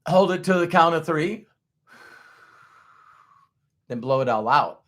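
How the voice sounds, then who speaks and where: A man speaking to his audience in an animated, conversational way, his pitch bouncing high and low as he makes a point. His voice sits a little high for a man, and he slips into the voices of doubters to act them out. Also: slow. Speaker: motivational speaker. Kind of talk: motivational talk to an audience.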